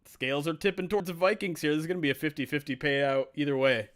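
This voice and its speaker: A man's voice: fairly high pitch, fairly even intonation, fairly bright tone. A man streaming a football video game simulation, chatting casually with viewers, laughing at himself and calling the plays. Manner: chatty, self-mocking, quick to laugh. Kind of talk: casual live-stream chat and play-by-play.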